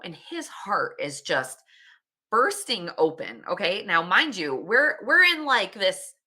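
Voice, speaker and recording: A woman's voice: fairly low pitch, sing-song, measured pace, sharp tone, breathy edge. A woman in her late thirties, a podcast host, casually telling a candid story with laughs and swearing. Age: 30s.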